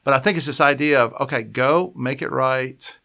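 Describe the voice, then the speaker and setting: A man's voice: medium pitch, moderate pace, vocal fry, pushed and bright. A man, a pastor, talking casually in a conversation, rambling with restarts and acting out quotes. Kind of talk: casual conversational podcast talk.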